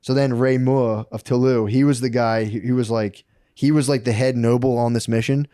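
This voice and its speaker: A man's voice: medium pitch, steady tone, moderate pace, mellow, no room sound, clean studio sound. Profane man rambling through a story. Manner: rambling, profane, bro slang. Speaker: podcast co-host. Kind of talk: casual history storytelling.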